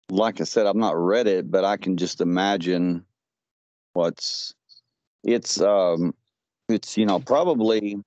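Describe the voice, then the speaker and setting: A man's voice: sits low, darkish tone, dry recording. A man on a podcast call, retelling a strange conversation in a rambling way with lots of "he says.". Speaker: podcast guest. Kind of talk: casual podcast storytelling. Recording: dull lo-fi audio.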